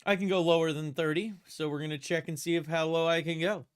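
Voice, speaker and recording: A man hosting a live-stream coin auction, describing banknotes and coins and calling bids in a steady, chatty auction chant. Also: a little high, quick pace, clean tone.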